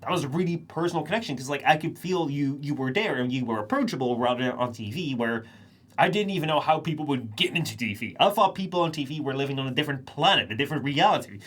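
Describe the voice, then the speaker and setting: A young man talks straight to his live chat and thinks aloud as he goes, looping back to rephrase his points. He speaks quickly in an ordinary mid-range voice, in a loose, unscripted monologue. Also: medium pitch, lively intonation, a bit bright. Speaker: streamer.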